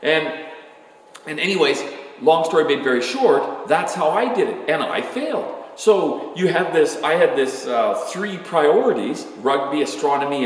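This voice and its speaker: A man's voice: fairly high pitch, animated, a little slow. A man in his sixties, an astronomer giving an informal, candid talk to students, rambling and self-deprecating as he tells stories. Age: 60s. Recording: echoey hall from far off.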